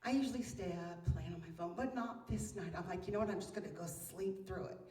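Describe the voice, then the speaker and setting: A woman in her fifties, a mother, telling a comic story with animated, exaggerated delivery that swings between hushed and loud. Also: fairly low pitch, a little fast. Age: 50s. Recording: roomy echo, mic far off.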